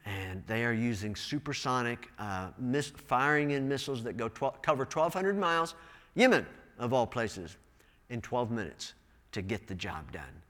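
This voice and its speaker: A man preaching a sermon through a microphone, animated and breaking into emphatic bursts. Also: mid-range voice, normal speed, big-room sound. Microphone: wearing a microphone.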